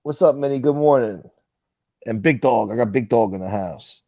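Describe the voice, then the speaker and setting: A man's voice: medium pitch, moderate pace, mellow, no echo, highs cut off. A man hosting a casual live-stream chat, joking around and greeting viewers by name. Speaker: host reading live chat.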